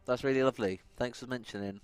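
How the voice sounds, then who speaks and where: A man's voice: mid-range voice, fast talker, faint music behind. A man co-hosting a live game stream, chatting casually and joking, laughing often. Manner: jokey, laughs often, excitable. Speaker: stream co-host. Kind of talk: casual live-stream chat over gameplay.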